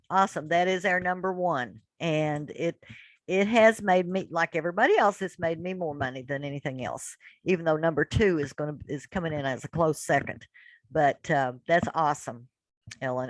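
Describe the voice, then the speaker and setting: A woman's voice: fairly low pitch, normal speed, dry recording, rough recording. A woman hosting an online business group meeting, calling on members and encouraging their goals. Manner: encouraging, upbeat. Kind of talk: casual group video call.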